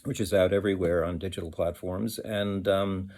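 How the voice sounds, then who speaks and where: A man's voice: deep voice, steady tone, normal speed, a little mellow. A man, a children's musician, telling a story in a rambling, hesitant way with many fillers. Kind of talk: casual storytelling with sung song.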